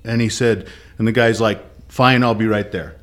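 A man's voice: on the low side, steady tone, moderate pace, fairly bright tone. A man telling a long joke in a casual group chat, acting out the characters' lines as he goes. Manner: storyteller, acts out the characters.

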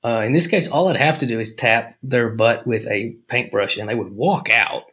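A laid-back man co-hosting a podcast in casual chat, dropping quick wisecracks. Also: medium pitch, fairly bright tone, breathy edge. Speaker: podcast co-host.

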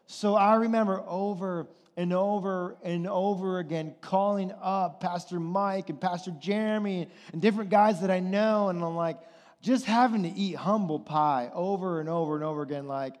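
High-voiced pastor preaching in a reverberant church. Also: male voice, steady tone, moderate pace, darkish tone. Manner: conversational preaching, keeps asking "right?". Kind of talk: sermon. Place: church sanctuary. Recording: long hall reverb.

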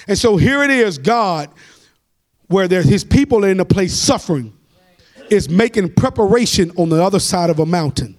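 A man preaches a Bible study as a pastor. His voice sits high, and he calls for amens while his delivery climbs into shouted, half-sung lines. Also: animated, moderate pace.

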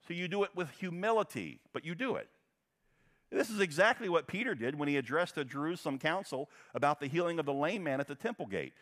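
Lively-voiced male pastor preaching. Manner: animated preaching, pitch rising and dropping sharply for emphasis. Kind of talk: sermon.

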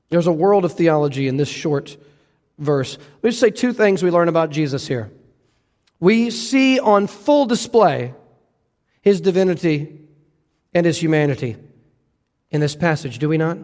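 A man delivers a sermon in a high, clear voice. He is earnest and slows right down, sinking lower on the words he wants to land. His voice rings through a church sanctuary with a long, trailing reverb. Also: lively intonation, darkish tone. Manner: earnest preaching, drops low and slow for emphasis. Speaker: pastor.

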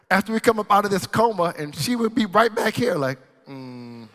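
A man preaches with a fairly high voice, telling a story as he swings from loud, lively bursts down to hushed near-whispers. Long reverb fills the large church hall around him. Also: normal speed, few pauses. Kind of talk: sermon storytelling.

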